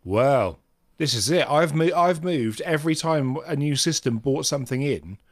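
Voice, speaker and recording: A man co-hosting a casual podcast, chatting in a self-mocking, animated way. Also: fairly high pitch, moderate pace, no room sound, studio quality. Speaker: podcast co-host.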